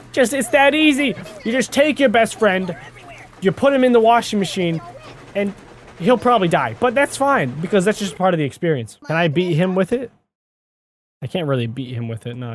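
A man hosting a gaming video, giving excitable let's play commentary and talking to the game character as he plays. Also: high-pitched. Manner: excitable, talks to the game character, often exclaims. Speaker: gaming channel host.

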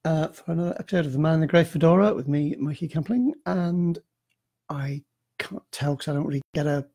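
This man talks a little fast in a highish, dark voice with vocal fry, picked up by a computer mic on a live stream. Casually answering readers' emails, he wanders, self-deprecates, and fills the gaps with fillers and restarts.

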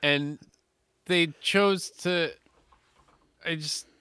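A man's voice: fairly high pitch, steady tone, drawn-out words, sharp tone, clear, resonant tone, dry recording. A man co-hosting a sports podcast, ranting in an exasperated way about a call. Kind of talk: casual sports chat.

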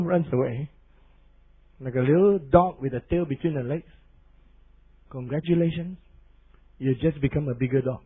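A middle-aged male pastor preaching an animated sermon, now and then imitating barking dogs. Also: sits high, normal speed, slightly rough. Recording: tinny phone-like lo-fi sound.

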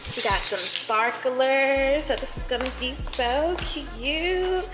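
A woman's voice: sits high, slow. Woman vlogger chatting away, gushy, laughs a lot, echoey room, music going. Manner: chatty, gushing, laughs often. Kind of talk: casual vlog chat. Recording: echoey room with long reverb and music behind.

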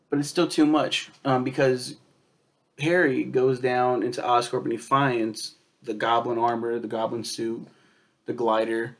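Man, casual film review, rambling, swears a lot, fillers, mid-pitched voice. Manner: rambling, profane, lots of fillers and quoted asides.

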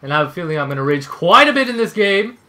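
Loud raging male gamer. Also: high voice, very animated, fast talker. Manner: raging, yelling outbursts at teammates; sarcastic, exasperated griping. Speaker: gamer commentating his own play. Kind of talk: live gameplay commentary.

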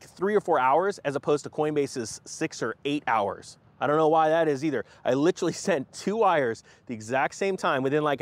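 A man hosting a casual crypto finance vlog, talking in an animated, jokey way and sometimes mocking companies in put-on voices. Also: on the high side, no echo. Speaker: host of a crypto finance channel.

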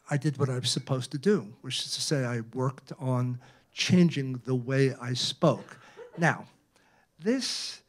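An elderly man in his eighties from Brooklyn, an author giving an anecdotal public talk in a library, conversational and checking in with the audience often. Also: medium pitch. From Brooklyn, New York. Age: 80s. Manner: conversational, tags many phrases with "right?". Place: library event room.

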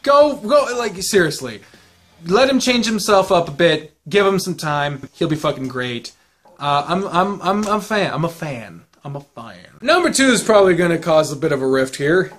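A man hosting a casual chat, excitable and ranting with heavy swearing. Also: a little high, moderate pace. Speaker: host.

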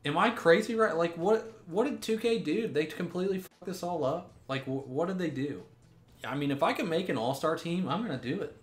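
A man's voice: on the high side, brisk. A young man giving gameplay commentary, ranting in exasperation, swearing and restarting his sentences. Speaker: gaming YouTuber. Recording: roomy echo with faint music.

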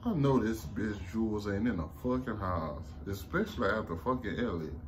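A man with a Southern American accent recapping a TV episode in a casual, excited, profane way, laughing often, slumped low in a seat at home. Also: moderate pace, slight background noise. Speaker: TV review vlogger.

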